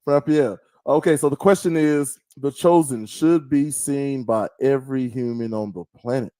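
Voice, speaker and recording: Chatty podcast host, dry studio. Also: male voice, mid-range voice, moderate pace, dark tone, no echo. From American South. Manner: chatty storyteller, mimics voices. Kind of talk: casual chat.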